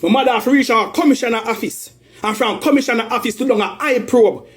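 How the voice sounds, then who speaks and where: A Jamaican man with a high-pitched voice delivers a heated rant in thick patois. He sounds aggrieved and accusing, circling back over the same points again and again. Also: fast talker. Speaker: man airing a family dispute.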